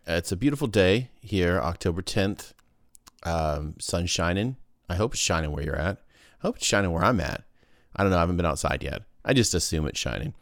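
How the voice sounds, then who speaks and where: A man's voice: sits low, lively intonation, a little fast, no echo, studio quality. A man hosting his own podcast, talking in a goofy, rambling casual monologue full of restarts. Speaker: podcast host.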